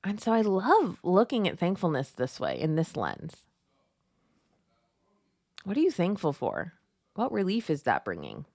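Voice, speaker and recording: A woman in her thirties hosting a devotional show, talking casually and telling family stories with lively retellings. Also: lowish voice, measured pace, pauses often, no room sound, studio quality. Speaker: podcast host.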